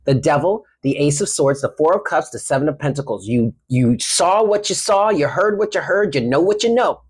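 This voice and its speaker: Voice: medium pitch, lively intonation, normal speed, husky. A tarot reader giving a casual reading, affectionate and slangy, calling the listener honey and baby. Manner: chatty with frequent laughs.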